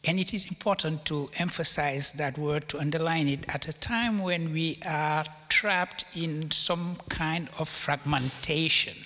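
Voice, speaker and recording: Man from Africa, panel guest, measured lecturer, somewhat high and bright tone. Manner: measured, lecturing, stresses key words. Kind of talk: panel discussion. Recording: reverberant lecture hall.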